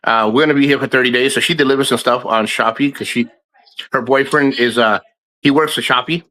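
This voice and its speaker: A man's voice: mid-range voice, steady tone, brisk, sharp tone. A man hosting a livestream, ranting in a rambling, profane way with lots of restarts. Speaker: livestream host. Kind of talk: casual livestream rant.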